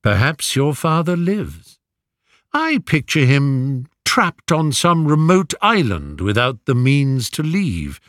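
A man reading aloud, voicing a courteous older king in a soft, measured, kindly voice. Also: mid-range voice, sing-song, no echo, studio quality, pitched above the performer's own voice. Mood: gentle.

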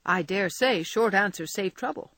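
A woman voicing a lazy, playfully evasive young gentleman in a storybook reading. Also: medium pitch, normal speed, no echo. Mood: teasing. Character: young man, teasing idle gentleman.

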